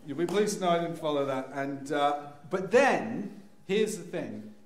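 Man, humorous storytelling, animated, slightly high voice, echoey room. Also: normal speed, slight background noise. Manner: animated, acts out scenes with sudden loud high cries. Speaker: speaker telling a personal story.

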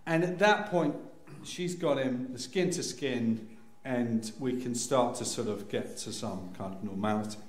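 A man telling a humorous personal story to an audience, acting out scenes with sudden loud cries. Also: mid-range voice, measured pace. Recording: echoey room.

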